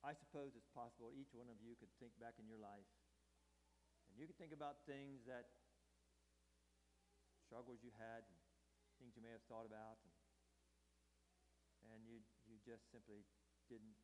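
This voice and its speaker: A man's voice: medium pitch, steady tone, normal speed, pauses often, a little mellow, a little hiss or hum. A man preaching a conversational sermon in a folksy way, often repeating and restarting his phrases as he talks things through. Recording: echoey hall with long reverb.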